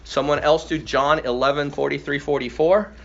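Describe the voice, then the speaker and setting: Man leading a Bible study, slightly raised pitch. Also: fairly even intonation, moderate pace, creaky. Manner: prompting, asks questions and affirms answers. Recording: slightly muffled with faint hiss.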